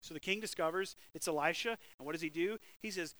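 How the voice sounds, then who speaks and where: Guy preaching, high bright voice, gets loud then goes quiet reading scripture. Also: fast talker, few pauses, dry recording, low-quality recording. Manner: animated preacher, swings from loud bursts to hushed scripture reading. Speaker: pastor. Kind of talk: sermon.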